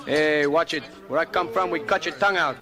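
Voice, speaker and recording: A man's voice: fairly high pitch, brisk, crowd noise, lightly acted. A man putting on a boastful male Arabian prince doing vaudeville one-liners. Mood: brash.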